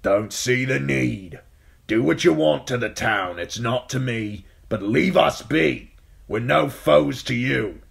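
A man voicing a gruff, stubborn old man with clipped, folksy speech. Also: medium pitch, animated, takes it slowly, a bit bright, pitched above the performer's own voice, heavily acted. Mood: defiant.

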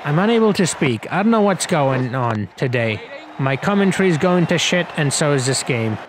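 A young man giving rambling, casual play-by-play commentary over a cricket video game, getting excited on big shots. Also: fairly high pitch, moderate pace. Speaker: gaming commentator. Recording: loud crowd and game noise behind.

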